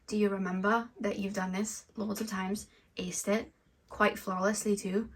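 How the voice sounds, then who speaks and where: A woman's voice: medium pitch, level tone, moderate pace, breathy edge, recorded from a distance. Incredulous spirit guides, as a woman puts them on. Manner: exasperated rhetorical questioning. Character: incredulous teasing spirit guides, gently mocking.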